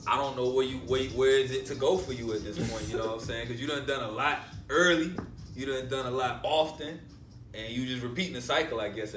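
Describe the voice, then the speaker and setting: Male interview host, casual and slangy, low-ish voice, mic a bit far off. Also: fairly bright tone, reverberant. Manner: hype, loose, slangy. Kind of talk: casual hip-hop interview. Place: radio station studio.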